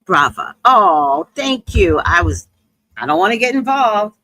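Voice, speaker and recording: A woman's voice: medium pitch, very animated, a little slow, sharp tone, dry recording, poor audio. A woman telling a comedic story in a monologue, acting out the people she quotes and swearing freely.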